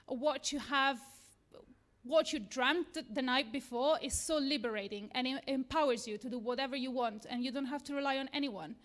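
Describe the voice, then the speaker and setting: A woman with an Italian accent speaks on stage in a fairly high voice. Her delivery is earnest and slightly nervous, with a self-deprecating edge. It sounds like a live lightning talk in front of an audience. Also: normal speed, a bit bright. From Italy. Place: event room with a live audience.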